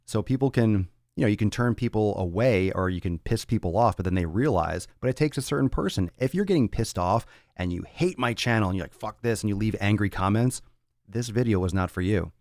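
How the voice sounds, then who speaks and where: A man's voice: lowish voice, lively intonation, fairly quick, a little mellow, no echo, studio quality. A man hosting a fitness podcast, ranting bluntly with lots of swearing and tough-love talk. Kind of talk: casual podcast rant.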